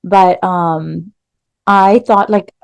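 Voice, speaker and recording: A woman's voice: lowish voice, steady tone, very slow, gravelly, clean tone, dry recording. Chatty woman guest, dry sound. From Texas. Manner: chatty, many "like" fillers. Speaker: podcast guest. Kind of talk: candid personal storytelling.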